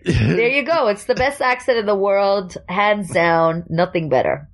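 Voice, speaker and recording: A woman's voice: mid-range voice, unhurried. A woman comedian guesting on a podcast, chatting playfully and telling stories with lots of laughter. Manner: playful, giggly, animated storyteller. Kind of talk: casual podcast chat.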